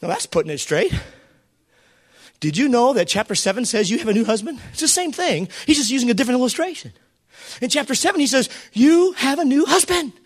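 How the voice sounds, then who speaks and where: A man preaching a sermon as pastor, swinging between shouted appeals and quiet asides and putting questions to the congregation. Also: very high voice, lively intonation, fast talker, husky. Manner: preaches with fervor and calls out to the listeners.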